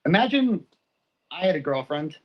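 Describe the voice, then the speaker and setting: A man's voice: fairly high pitch, sing-song, moderate pace, muffled recording. Hurt, rambling man from Texas ranting. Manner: rambling, profane, hurt and heated. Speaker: livestream host. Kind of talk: emotional livestream rant.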